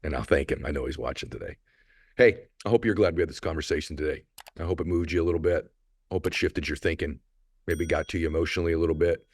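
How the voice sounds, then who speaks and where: A man's voice: very deep voice, quick pace, breathy edge, no room sound, studio quality. A middle-aged man hosting a solo podcast, telling a personal story in a heartfelt, motivational way, audibly emotional. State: emotional, choked up. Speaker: podcast host.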